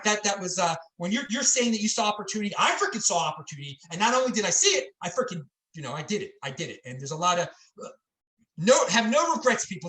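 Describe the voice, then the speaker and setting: A man's voice: sits high, pushed and bright. A man talking brashly and with emphasis as a podcast guest. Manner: brash, emphatic, says "freaking" often. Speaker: guest, bitcoin video host. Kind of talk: casual podcast chat. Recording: echoey room sound.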